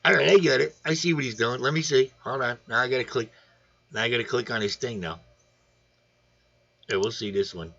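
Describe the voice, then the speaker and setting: A rambling man hosts a laid-back fish livestream from his home, joking and chatting with viewers as he goes. His pitch sits in the middle range, and the stream audio sounds dull and lo-fi. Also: fairly quick, gravelly, pauses often, pushed and bright. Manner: rambling, joking, talks to chat by name. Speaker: aquarium channel host. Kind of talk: casual livestream chat. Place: home room.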